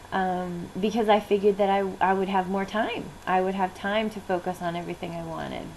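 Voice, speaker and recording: A woman in her thirties, a business coach, telling a candid personal story with fillers and soft laughs, near tears as she talks. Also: fairly low pitch, creaky, a little hiss or hum, low-quality recording. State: close to tears.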